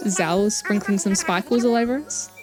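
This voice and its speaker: A woman's voice: fairly high pitch, big pitch swings, a little slow. A woman with a New Zealand accent giving chatty, playful commentary while playing a video game. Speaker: let's play host. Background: game music.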